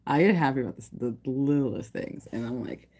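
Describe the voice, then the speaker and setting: A woman's voice: a bass voice, expressive, moderate pace, mellow, breathy edge. A young woman hosting a casual livestream, chatting and gushing to her viewers with lots of fillers. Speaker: livestream host.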